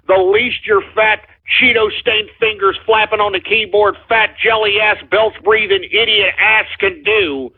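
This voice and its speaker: Angry high-voiced ranting radio host. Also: male voice, slightly rough. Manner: angry, profane, shouting insults at trolls. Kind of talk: ranting call-in radio talk. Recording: tinny phone-like sound.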